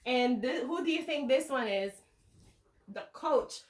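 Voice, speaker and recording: A woman teacher reading a picture book aloud to young children in slow, sing-song teacher talk, checking in with them often. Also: sits high, expressive, recorded from a distance. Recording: echoey room, voice away from the mic.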